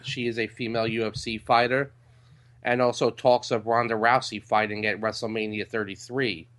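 Male co-host reading news rundown, relaxed, plain delivery. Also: lowish voice, moderate pace. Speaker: podcast co-host.

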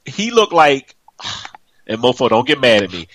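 Animated woman laughing through a reaction. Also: rumbling low, moderate pace. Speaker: co-host reacting to a clip. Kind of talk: casual reaction chat.

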